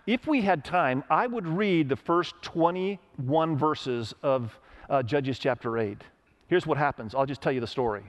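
A middle-aged male pastor preaching a sermon in a fairly high voice. He tells stories and plays the people in them, and his voice climbs whenever he drives a point home. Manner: storytelling with acted quotes, emphatic rises.

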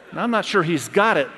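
Earnest middle-aged preacher in a reverberant hall. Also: male voice, on the high side, fairly bright tone, slight background noise. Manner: earnest, emphatic, repeats key phrases. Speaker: pastor. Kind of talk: sermon. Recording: long reverb of a large hall.

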